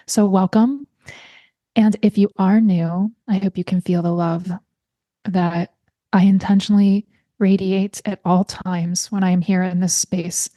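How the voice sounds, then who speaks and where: Warm-toned earnest woman podcast host. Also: mid-range voice, dry recording, studio quality. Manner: earnest, heartfelt, guides slow breathing. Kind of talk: podcast monologue.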